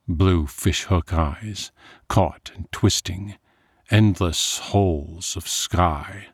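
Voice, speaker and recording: A deep-voiced man reads a dark story slowly and with careful atmosphere. The recording is dry and close, with no room sound. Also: vocal fry, breathy edge, dry recording. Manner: measured, atmospheric. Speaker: narrator. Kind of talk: scripted story narration.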